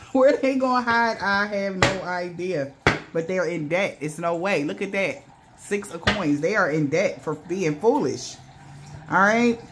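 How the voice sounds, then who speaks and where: A woman's voice: lowish voice, a little slow, background noise. A woman giving a loose, casual tarot reading, swearing freely and acting out the voices of the people she describes. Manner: loose, profane, acts out quoted voices. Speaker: tarot reader.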